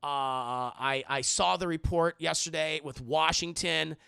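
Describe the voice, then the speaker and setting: A man's voice: on the high side, fairly even intonation, creaky, bright, forceful tone, clean tone, dry recording, studio quality, full character voice. A man voicing a breezy middle-aged billionaire mentor who rambles and halts mid-sentence. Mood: rambling. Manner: rambling, halting.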